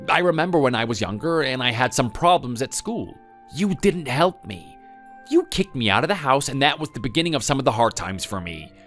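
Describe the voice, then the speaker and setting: Resentful son, accusing tone, mid-range pitch; actor. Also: male voice, fairly bright tone. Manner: defensive, accusing. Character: resentful grown son who blames his mother. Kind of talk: scripted text-story drama.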